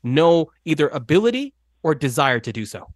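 Man commenting with sarcastic bite, highish voice, dry studio sound, radio panel pundit. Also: big pitch swings, moderate pace, no echo. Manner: sardonic, wry. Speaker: political commentator.

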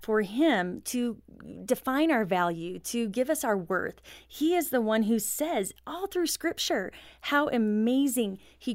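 A woman's voice: on the high side, no echo. Earnest woman on a dry studio mic. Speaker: guest author. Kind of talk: earnest faith-based interview talk.

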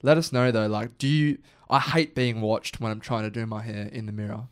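A young Australian man co-hosting a casual podcast, animated and swearing freely. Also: on the low side, a little fast, smooth. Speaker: podcast co-host. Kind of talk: casual chat.

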